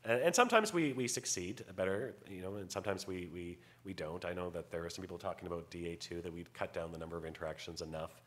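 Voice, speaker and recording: A man speaking on a convention panel as a game writer, halting with many restarts and a wry humor. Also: low-pitched, a bit bright. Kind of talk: panel discussion, casual.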